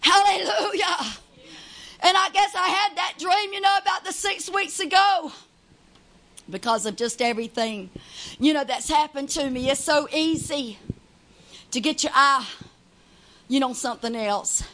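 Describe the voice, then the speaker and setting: A woman preaching and praying fervently, often shouting, peppering her words with hallelujahs and repeated "God, Lord" interjections. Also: high-pitched, normal speed, long pauses. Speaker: lay preacher. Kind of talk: Pentecostal-style sermon and prayer.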